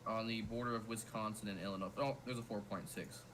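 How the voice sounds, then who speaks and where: A young man with a Southern US accent, chatting casually while hosting a weather livestream, tripping over his words when excited. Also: on the low side, quick pace, background noise. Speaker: weather stream host.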